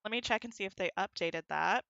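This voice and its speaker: An American woman with a neutral accent streams a game, chatting casually and answering her chat, with her sentences often rising at the end. Her mid-range voice is creaky, pushed and bright, and she talks briskly. The audio is lo-fi with no room sound.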